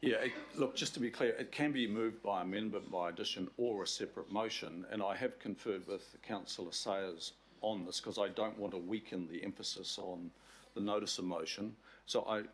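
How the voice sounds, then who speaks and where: A man's voice: lowish voice, moderate pace, a little hiss or hum. A man with a New Zealand accent speaking as a councillor in a council meeting, earnest and clarifying.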